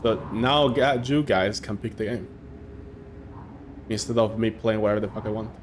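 A young man streaming a game live, chatting excitedly with his viewers and reacting as he plays. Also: fairly low pitch, normal speed, a little hiss or hum. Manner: excitable, chatty, talks to chat. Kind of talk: casual live game commentary.

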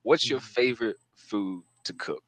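A man's voice: lowish voice, a little slow, dry recording. A man hosting a podcast, asking questions in a laid-back, joking way. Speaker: podcast host. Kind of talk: casual interview.

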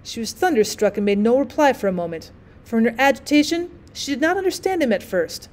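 A woman teacher reading a classic short story aloud in an expressive, steady storytelling manner. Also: a little high, quick pace.

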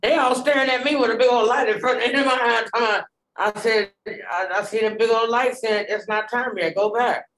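A woman giving an animated personal testimony in a group, acting out the dialogue with many fillers. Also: a little high, normal speed. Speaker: Bible study participant. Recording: echoey room.

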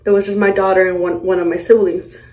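A woman's voice: medium pitch, level tone, fast, a little mellow. A young woman, a mother, telling a story in a casual vlog while doing her makeup, blunt, profane and exasperated. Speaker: vlogger, mother. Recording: echoey room.

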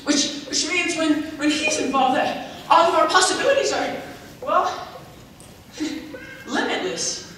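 A man's voice: very high-pitched, sing-song, slow, long pauses, bright, forceful tone, exaggerated voice. A teenage boy playing an eager, upbeat store clerk giving sales patter in a comic stage skit. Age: teens. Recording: echoey hall from far off, crowd.

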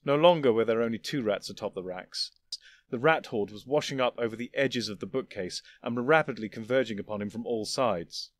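Male narrator, mid-pitch, dry close recording, steady dramatic reading. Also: a little fast, dry recording. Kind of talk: audiobook narration of fan fiction.

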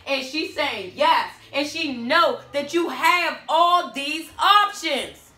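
A woman's voice: sits high, expressive, takes it slowly, pushed and bright. A woman giving a blunt, sassy tarot reading in casual chat. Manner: sassy, blunt, talks back to the cards. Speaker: tarot reader. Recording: roomy echo with faint music.

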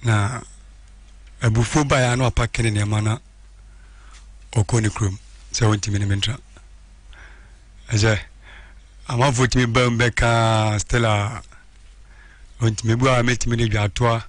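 Man, Ghanaian accent, caller, calm steady telling, medium pitch, dry sound. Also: normal speed, pauses often, no room sound. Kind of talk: telling a personal story.

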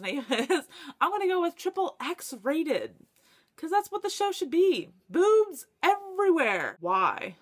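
Young woman, book vlogger, casual chat to camera, bright voice, excitable, quick to laugh. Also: fairly high pitch. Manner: excitable, laughing, swears when stuck.

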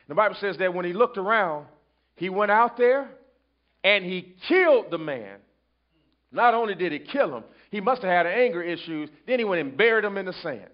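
A man preaches in a high, ringing voice. He calls out to his listeners, builds in intensity, then drops to quiet asides. The recording sounds muffled and lo-fi. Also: animated, normal speed. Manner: call-and-response preaching, rising and falling intensity. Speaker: pastor. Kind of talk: sermon. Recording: dull lo-fi sermon recording.

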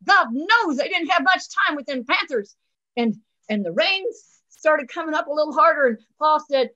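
A bright, high-pitched woman spins a folksy first-person yarn with a lively, swooping delivery. Her telling is dramatic and theatrical. The sound is the thin, lo-fi audio of a video call. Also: moderate pace. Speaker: storyteller. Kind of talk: live folksy storytelling.

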